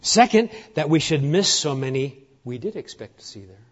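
A high-pitched man delivers a sermon with rising emphasis, then drops low for hushed moments. The recording is slightly muffled, with a dull edge to the sound. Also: animated, normal speed. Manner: emphatic preaching, swinging from loud declarations to hushed near-whispers. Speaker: pastor.

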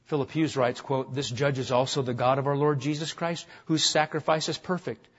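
A man preaching a sermon, dropping to a hush and then rising loud, often repeating words. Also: mid-range voice, fairly even intonation, normal speed, lo-fi sound. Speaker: pastor.

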